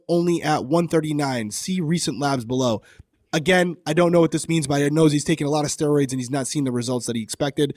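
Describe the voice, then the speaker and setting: A man's voice: on the high side, darkish tone, no room sound, studio quality. A man co-hosting a casual podcast, reading things aloud and commenting bluntly with plenty of swearing. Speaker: podcast co-host.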